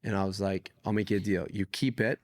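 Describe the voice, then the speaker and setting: A man from Canada, a guest on an interview podcast, telling stories in a casual, animated way. He swears freely and acts out the people in his stories. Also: lowish voice, a little fast, no echo. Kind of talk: casual conversational storytelling.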